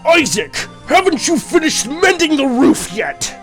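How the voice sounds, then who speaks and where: A man's voice: extremely high pitch, very animated, a little slow, a bit bright, faint music behind, pitched above the performer's own voice, exaggerated voice. A man voicing a motherly village woman from a video game, calling out in a raised voice.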